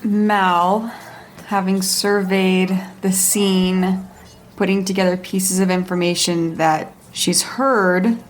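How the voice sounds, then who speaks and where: A woman with a mid-range voice describes her character's moves calmly and deliberately as a tabletop game player. Faint room ambience sits behind her. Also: medium pitch, a little hiss or hum. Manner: calm, deliberate description of actions.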